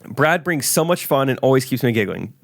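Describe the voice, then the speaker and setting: A man's voice: mid-range voice, animated, no room sound. A man co-hosting a podcast, joking around and reading out a listener review. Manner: joking, quick to laugh. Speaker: podcast co-host.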